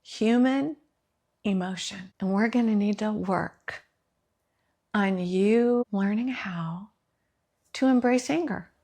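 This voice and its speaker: A woman's voice: mid-range voice, slow pace, long pauses, dark tone. A middle-aged woman, hosting a podcast and telling personal stories in an earnest, reflective way. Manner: earnest, storytelling, quotes others in acted voices. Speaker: podcast host.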